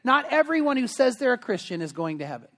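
A man preaches from the pulpit, and his voice sits high for a man. He tells stories with animated energy, acting out the voices of the people in them and stumbling over fillers and restarts. The sound carries the long reverb of a church sanctuary. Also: fast. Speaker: pastor. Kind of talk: sermon with storytelling.

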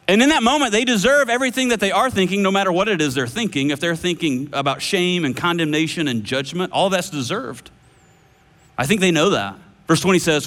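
A man preaching a sermon, conversational, often asking the listeners questions and slowing down for emphasis. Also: high-pitched, lively intonation, fairly bright tone, long reverb tail. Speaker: pastor and podcast host.

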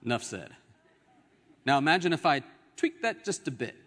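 A young adult man preaching a sermon as pastor, with emphatic rises and dramatic pauses. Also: fairly high pitch, big pitch swings, a bit bright. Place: church sanctuary. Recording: long hall reverb.

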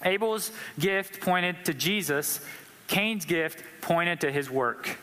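Bright-voiced male preacher in a reverberant hall. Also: high voice, slow, clear, resonant tone. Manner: conversational, asks the audience questions. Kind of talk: sermon.

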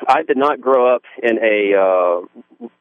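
A man's voice: medium pitch, lively intonation, takes it slowly, no echo. A Southern-accented pastor tells his story in an earnest, folksy way, stopping and restarting as he goes. His voice comes through a thin, phone-like line. The sound is close and dry. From Southern US (Georgia). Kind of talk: testimony in a radio interview.

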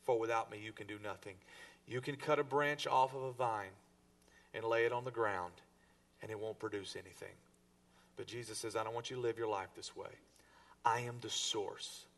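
A man preaching a sermon to his congregation, rising to stress a point and then dropping low. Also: moderate pace, distant mic. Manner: preaching to a congregation, with emphatic rises and soft drops. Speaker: pastor.

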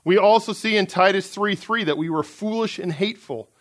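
A man's voice: sits high, a little fast, a bit bright. A man preaching a sermon in an earnest, emphatic way, reading out scripture passages.

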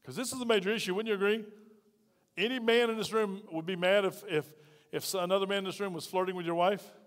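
High-voiced preacher in a reverberant church. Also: male voice, fairly even intonation, fast talker. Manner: conversational preaching with acted quotes, swinging loud and quiet. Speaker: pastor. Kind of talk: sermon. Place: church hall. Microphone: lapel.

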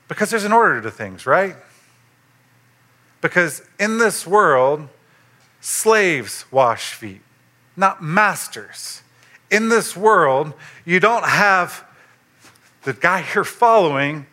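Bright-voiced man preaching conversationally. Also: fairly high pitch. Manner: conversational preaching, animated rises for emphasis. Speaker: pastor. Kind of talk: sermon.

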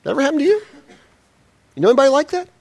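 Man, pastor, sermon, lively swooping pitch, conversational, rhetorical questions. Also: very fast, vocal fry.

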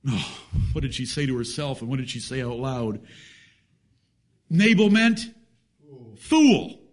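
A man's voice: medium pitch, sing-song, measured pace. A man preaching a sermon, emphatic, with rhetorical questions and folksy jokes.

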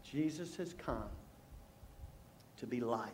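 A middle-aged man preaching a sermon as a pastor, telling stories and shifting from loud humor to hushed, intense appeals. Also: mid-range voice, animated, slow pace, a little hiss or hum. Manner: storytelling, swings from loud jokes to hushed intensity.

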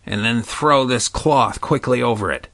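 A man voicing an old witch in a storybook reading, speaking hushed and drawn out. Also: medium pitch, measured pace, no room sound. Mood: conspiratorial. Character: old witch, secretive and knowing.

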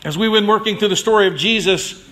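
Bright high-voiced male pastor preaching. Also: fast talker, soft background music. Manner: conversational, addresses congregation members by name; acts out quoted voices with big pitch swings. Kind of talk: sermon.

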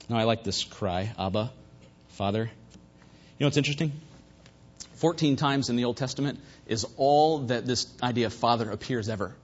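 A man preaching a sermon at a church service, fervent, swinging between loud emphasis and hushed asides. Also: mid-range voice, breathy edge. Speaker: pastor. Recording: dull lo-fi recording.

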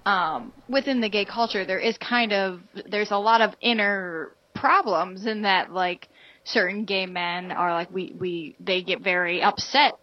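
A woman's voice: medium pitch, highs cut off. A woman co-hosting a casual film-review chat, rambling with many restarts and fillers. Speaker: podcast co-host.

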